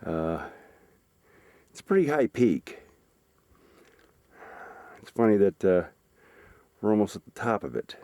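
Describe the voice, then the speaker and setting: A man narrating his mountain hike to a handheld camera outdoors, talking in a halting way with frequent fillers. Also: fairly low pitch, big pitch swings, dark tone, dry recording. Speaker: hiker filming his climb. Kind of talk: casual hiking vlog narration.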